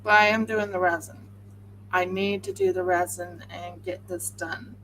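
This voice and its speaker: A woman's voice: on the low side, fairly even intonation, measured pace, fairly bright tone, slight background noise, rough recording. A woman chatting casually on a livestream, talking through each step of her craft work as she goes. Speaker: crafter livestreaming a resin pour.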